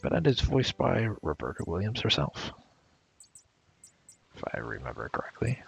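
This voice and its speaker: A man's voice: fairly low pitch, very animated, normal speed, creaky, husky. A man giving casual commentary over a game he played, chatty and playfully paraphrasing the characters' dialogue. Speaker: let's play commentator. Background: game music.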